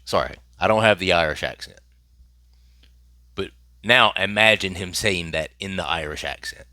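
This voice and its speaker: A man's voice: low voice, moderate pace, sharp tone, dry recording, studio quality. A man hosting his own channel, commenting on celebrity news in a casual, emphatic way and repeating phrases for effect.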